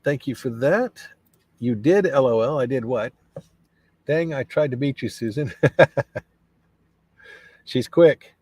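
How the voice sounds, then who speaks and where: A man's voice: mid-range voice, lively intonation, slow, long pauses, darkish tone, no echo. A man hosting a casual live stream, rambling in a friendly way as he reads viewer comments aloud and answers them. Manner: friendly, many fillers and restarts.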